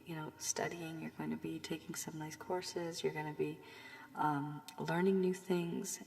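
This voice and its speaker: A woman with a low, gravelly voice talks through a tarot reading, still hoarse from a cold and now and then sinking to a whisper. She rambles with frequent fillers as she warns and advises. A long reverb trails behind her words. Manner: loose and rambling with many fillers, warning and advising. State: recovering from a cold, voice strained. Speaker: tarot reader. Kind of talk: casual tarot reading monologue.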